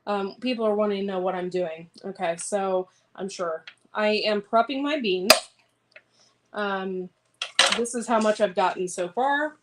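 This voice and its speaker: A woman rambles in easy, casual talk while cutting vegetables in her kitchen and answering viewer comments. Her voice sits at an ordinary middle pitch. Clear background noise and clicking run under the recording. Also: measured pace. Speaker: homesteading vlogger. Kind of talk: casual livestream chat.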